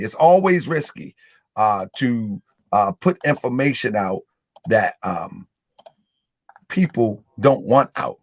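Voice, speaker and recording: A man's voice: medium pitch, no room sound, studio quality. A man hosting a live stream, talking casually and loosely to his audience, repeating himself as he works his screen. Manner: loose, repetitive, talks the audience through the screen. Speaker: host.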